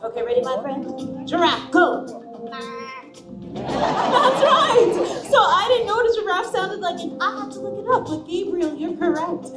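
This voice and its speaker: An eager, bubbly performer. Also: female voice, very high-pitched, expressive, measured pace. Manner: eager, upbeat crowd-leading. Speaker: live show performer. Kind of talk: live theme park show. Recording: roomy, from far off, with music.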